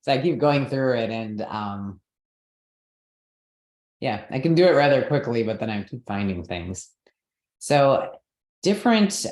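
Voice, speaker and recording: A man's voice: medium pitch, a little mellow, reverberant. A man teaching a lesson, explaining step by step in a patient manner and checking in often. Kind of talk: online lesson on Sanskrit pronunciation.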